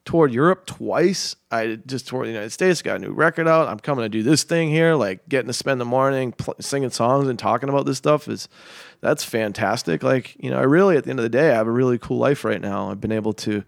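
A man's voice: medium pitch, fast, creaky, no room sound, studio quality. A man, a singer-songwriter guest, talking casually and rambling, with lots of fillers. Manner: rambling, heavy use of fillers like "you know" and "like". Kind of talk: casual conversation.

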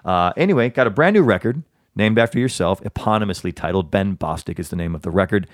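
A man's voice: low-pitched, animated, fast, dry recording, studio quality. A man hosting a podcast, chatting in a rambling, talkative way that often interrupts itself. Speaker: podcast host. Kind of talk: casual interview chat.

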